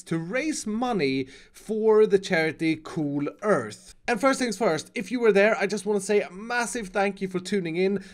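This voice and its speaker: A man hosting a casual gaming commentary, giggling often and sounding excitable. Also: high voice. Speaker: channel host.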